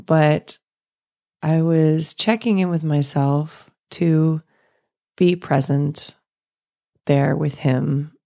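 A woman in her thirties talks through a reflective solo podcast in a low, gently gravelly voice. She speaks slowly and thoughtfully, easing into soft laughs. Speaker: podcast host.

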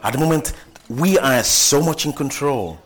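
A man's voice: mid-range voice, expressive, normal speed. A man preaching a sermon, emphatic, repeating phrases and calling out hallelujah.

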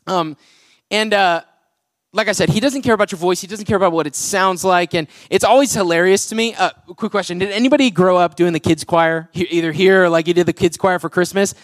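A man's voice: high voice, a little fast, no room sound, clean studio sound. A young adult man preaching a casual, joking sermon to his church, full of "like" fillers. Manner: chatty, jokey, full of "like" fillers. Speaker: pastor and worship leader. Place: church auditorium with a congregation.

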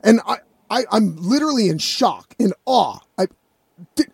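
A man's voice: high voice, lively intonation, moderate pace, creaky, breathy edge, no echo, studio quality. A man telling a rambling, profane story in a casual vlog.

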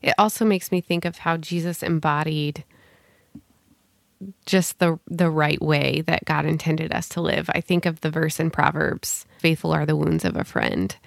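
Gravelly low-voiced woman, reflective. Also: moderate pace, no room sound, clean studio sound. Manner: reflective, thoughtful, asks gentle questions. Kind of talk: casual faith conversation over video call. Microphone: video call.

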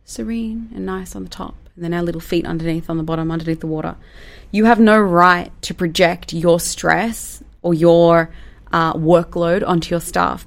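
Her voice is on the low side and gravelly. As a business coach for managers, she offers casual, direct advice and playfully acts out the dialogue she quotes.

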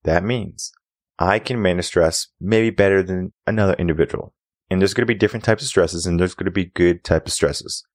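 A man's voice: low voice, a little fast, no room sound, clean studio sound. A young adult man hosting a podcast, giving an opinionated monologue full of rhetorical questions. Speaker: podcast host.

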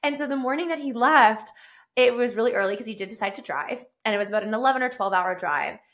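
Talking fast in a mid-range voice, a woman hosts her own solo podcast on her own camera and mic. She's effusive and upbeat, gushing with excitement as she rambles and restarts her thoughts.

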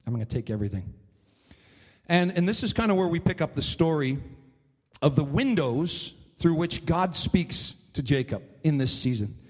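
A man's voice: fairly high pitch, expressive, normal speed, long reverb tail. A man preaching a sermon, retelling a story in a loose, rambling way full of fillers. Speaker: pastor.

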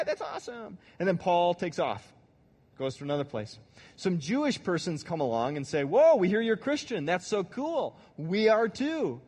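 A pastor with a fairly high voice delivers a casual, conversational sermon in a big-sounding room. He cracks jokes and acts out quotes as he goes.

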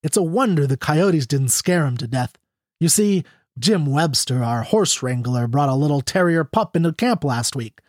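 Young cowboy, smooth-talking and sly, read by a man; earnest and gently mournful, slightly raised voice. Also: fairly high pitch, lively intonation, normal speed, no room sound, clean studio sound. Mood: earnest, sorrowful.

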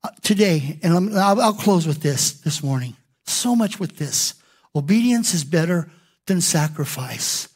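A man preaching a sermon as pastor, animated and acting out quoted prayers in different voices. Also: on the high side, measured pace, breathy edge.

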